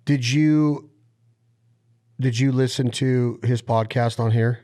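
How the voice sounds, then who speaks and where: Male podcast host, mid-range voice, gushing and animated. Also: mid-range voice, slow. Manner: enthusiastic, animated storyteller. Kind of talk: casual interview chat.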